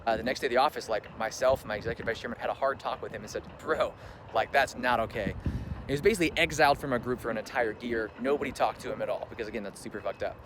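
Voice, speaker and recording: The young vlogger speaks rapid-fire with few pauses in a medium pitch, recounting a personal story against loud ambient noise. Casual and chatty, he fills it with "like" and acts out the quoted talk.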